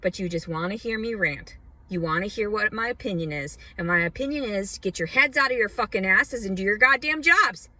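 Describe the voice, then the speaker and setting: A woman's voice: medium pitch, fairly quick, pushed and bright. A woman from Arkansas ranting angrily and with lots of swearing into her phone outdoors. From Arkansas, USA. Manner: heated, profane, rambling. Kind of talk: angry rant vlog. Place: outdoors outside a department store.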